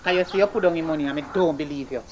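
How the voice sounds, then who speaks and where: A performer playing a stern, broke Jamaican mother who scolds her son in rapid patois. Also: mid-range voice, highs cut off, crowd noise, lightly acted. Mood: scolding. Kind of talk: comedy skit acting.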